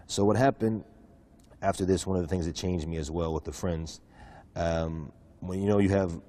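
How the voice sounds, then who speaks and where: A man from the United States telling the story of his conversion in an interview, talking quickly with lots of fillers. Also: deep voice. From USA. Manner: fast, animated storytelling with many fillers. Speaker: guest.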